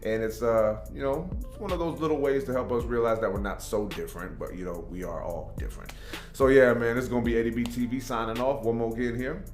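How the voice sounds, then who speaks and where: A man's voice: mid-range voice, fast talker, darkish tone, echoey room, soft background music. A man hosting a reaction video, chatting casually and rambling, with "man" and "you know" in every other sentence. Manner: laid-back, rambling, says "man" and "you know" often.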